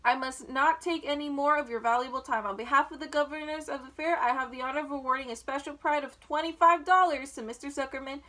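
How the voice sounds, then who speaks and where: Pompous male loudspeaker announcer played by a woman, storybook, grand formal speech, high bright voice. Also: fast, few pauses.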